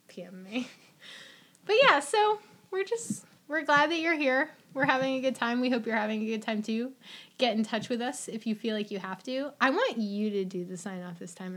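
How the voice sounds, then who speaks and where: A woman's voice: mid-range voice, a bit bright. A young adult woman hosting a podcast, chatting casually in a rambling, giggly, playful way. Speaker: podcast host. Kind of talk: casual chat.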